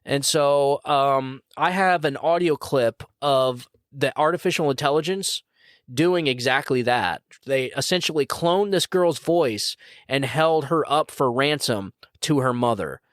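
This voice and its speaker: A man's voice: mid-range voice, unhurried, a bit bright, no echo, clean studio sound. A man hosting his own podcast, giving blunt, indignant political commentary and often saying "come on, man". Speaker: podcast host.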